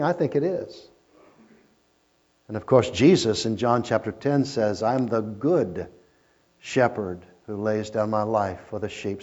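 A man preaching a sermon as a pastor, telling stories and swinging between loud emphasis and quiet asides. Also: lowish voice. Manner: storytelling preacher, rising and falling in intensity. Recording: muffled lo-fi recording.

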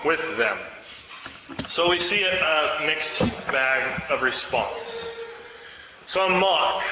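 A man's voice: high voice, background noise. A man preaching a sermon, fervent and exhorting, urging his listeners to act. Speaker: pastor. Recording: echoey hall, dull sound.

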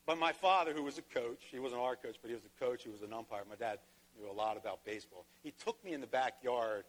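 A man's voice: mid-range voice, fast talker. A man pastor preaching a sermon, telling a personal story and rising to emphatic peaks. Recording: long hall reverb.

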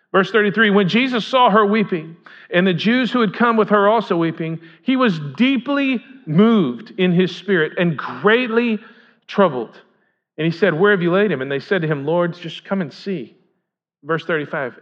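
Male pastor, conversational sermon, high voice, dull lo-fi sound. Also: moderate pace, a bit bright. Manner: conversational, asks the congregation questions.

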